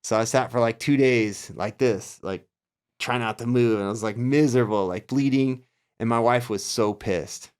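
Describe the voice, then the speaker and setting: A middle-aged man with a mid-range voice tells a story as a guest on a casual podcast. He talks with lively energy and acts out what he was thinking at the time. His pitch sits right in the ordinary middle for a man. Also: moderate pace, smooth. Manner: animated storyteller acting out his own past thoughts. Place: Las Vegas area.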